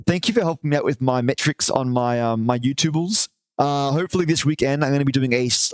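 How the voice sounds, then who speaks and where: A man's voice: medium pitch, a little fast, clear, resonant tone, no room sound, clean studio sound. A man hosting a live stream from home, chatting affectionately with viewers, restarting often and stretching his greetings. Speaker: livestream host. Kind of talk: casual chat with viewers.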